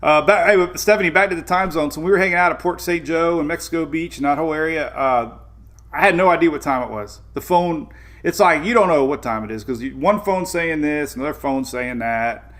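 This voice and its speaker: A man's voice: fairly high pitch, a little fast, fairly bright tone. A man with a Southern US accent hosting a casual weather live stream, rambling and greeting viewers by name. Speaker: weather show host.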